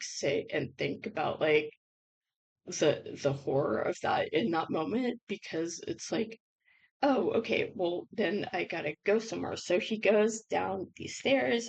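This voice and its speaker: A woman reviewing a book in a casual vlog, bubbly and chatty with lots of fillers, her voice hoarse and giving out. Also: on the low side, a little mellow, poor audio.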